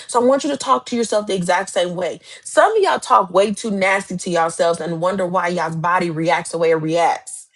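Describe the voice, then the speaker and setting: A woman life coach giving a live motivational talk, speaking emphatically and directly with lots of repetition. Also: fairly low pitch.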